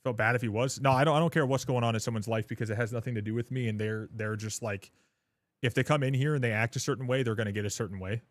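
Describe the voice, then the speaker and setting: A male streamer talks loosely to his chat while he plays, at a medium pitch. His delivery is rambling and crude, and he restarts his sentences and leans on filler words as he jokes around. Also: fairly even intonation, quick pace, no echo, clean studio sound. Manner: rambling, profane, joking with chat. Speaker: gaming livestreamer. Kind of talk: casual livestream chat while gaming.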